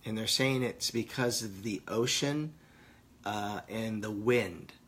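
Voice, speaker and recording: A man's voice: on the low side, takes it slowly, fairly bright tone. Rambling, profane stoned man vlogging. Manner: rambling, profane, rowdy banter with viewers. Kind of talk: casual live vlog.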